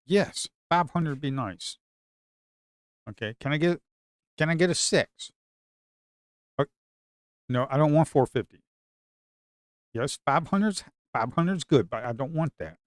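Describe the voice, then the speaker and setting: Man, livestream trader, excitable and chatty, clean voice, dry sound. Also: a little high, unhurried, long pauses, dry recording. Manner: excitable, swings from shouting to muttering, talks to the market. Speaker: live trading streamer. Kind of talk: live commentary on his own trades.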